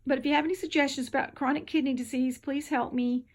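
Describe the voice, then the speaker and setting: Woman vlogging at home, kinda tired, raspy fry in her voice, pitched a bit high, just rambles along. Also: fairly even intonation, fast talker. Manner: rambling, chatty, drifts between topics. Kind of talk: casual home vlog. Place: home, indoors.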